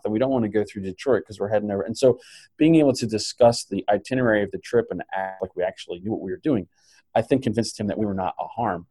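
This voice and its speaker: A middle-aged man co-hosting a podcast, telling a travel story in an animated way and laughing often. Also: fairly low pitch, fast talker. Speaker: podcast co-host. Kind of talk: casual chat.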